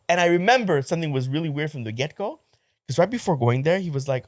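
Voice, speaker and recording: Lively man telling a story. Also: fairly high pitch, fast talker. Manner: animated storytelling, quotes others in a hushed voice. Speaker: podcast co-host. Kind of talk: casual chat.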